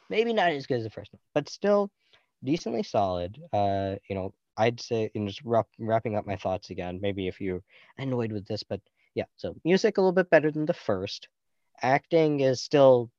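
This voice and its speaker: A man's voice: fairly low pitch, a little mellow, no echo, muffled recording. A young man hosting a podcast, chatting loosely about films in a jokey, rambling way and laughing often. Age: young adult. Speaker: podcast host. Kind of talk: casual film review chat.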